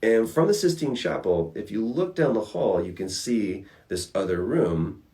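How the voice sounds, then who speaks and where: A man hosting a casual livestream, answering fan questions with reflective advice and animated storytelling. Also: fairly low pitch, measured pace. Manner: animated storyteller acting out characters.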